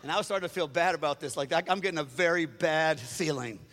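Preacher guy telling a story, kinda high voice, lots of echo, acts out everybody. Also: fast. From Louisiana, USA. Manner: animated storyteller, acts out quotes, chuckles often. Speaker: pastor. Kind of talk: sermon storytelling.

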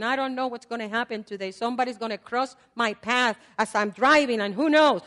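An older woman preaching a sermon in a conversational way. She swings between loud repeated prayers and soft asides. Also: fairly high pitch, fairly quick, hardly any pauses. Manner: conversational, with fillers and laughs. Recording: long hall reverb.

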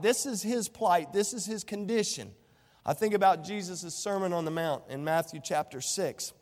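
A man's voice: high-pitched, normal speed, big-room sound. A male pastor preaching a sermon, quoting scripture and asking the congregation rhetorical questions.

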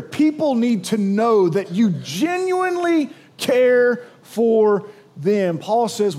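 High-voiced man preaching a sermon. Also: animated, measured pace, warm tone. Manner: storytelling with jokes, asks congregation to respond. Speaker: pastor.

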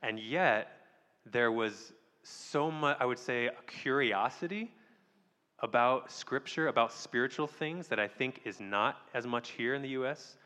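A man speaking as a missionary guest, measured and hesitant with many pauses. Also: mid-range voice, bright, forceful tone. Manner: measured, many ums, restarts. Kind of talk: church interview answer. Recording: long hall reverb.

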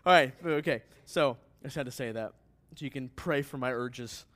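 A man preaching a sermon in a relaxed, conversational way, with asides to the congregation. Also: medium pitch, moderate pace. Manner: conversational preaching that rises to emphatic scripture reading. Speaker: pastor.

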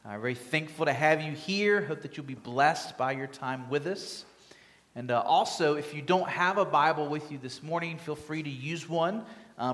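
A man delivers a sermon in a conversational, unhurried way, with fillers and restarts along the way. His voice sits a little high for a man. A long reverb from the church hall trails each phrase. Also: fairly bright tone. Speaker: pastor. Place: church sanctuary.

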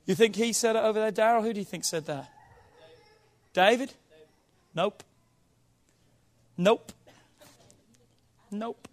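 High-voiced man preaching a lively sermon. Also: slow, pauses often. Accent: non-local accent. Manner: playful, quizzing the audience, then preaching with rising emphasis. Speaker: pastor. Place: church hall with congregation.

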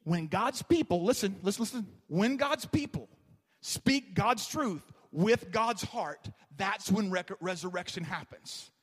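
A pastor preaching a sermon in a church, with a passionate, repetitive preaching cadence. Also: male voice, high-pitched, lively intonation, unhurried, fairly bright tone, breathy edge. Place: church sanctuary. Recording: long reverb of a large hall.

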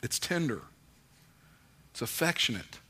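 A middle-aged man preaching a conversational sermon, mixing folksy stories and gentle humor into his points. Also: medium pitch, sing-song, measured pace, husky. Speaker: pastor.

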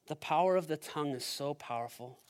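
A male pastor preaching a sermon at a church service, talking straight to the congregation and swinging from loud, driving passages to hushed ones. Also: on the high side, a little fast. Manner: addresses the congregation directly.

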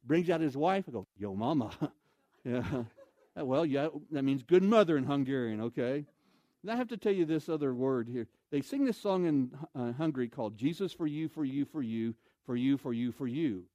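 An American man, a missionary speaker, telling a humorous story in an animated, comic way and acting out scenes. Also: medium pitch, normal speed, no echo, dull audio. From United States.

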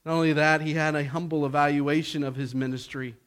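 A man preaching a sermon, slow and deliberate, his voice rising in pitch and force when he presses a point. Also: fairly even intonation.

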